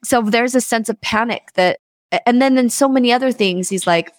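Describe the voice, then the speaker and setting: A woman's voice: a little high, normal speed, dry recording. Enthusiastic woman hosting a podcast. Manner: enthusiastic, rambling, animated retelling. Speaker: podcast host; mother. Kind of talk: podcast interview.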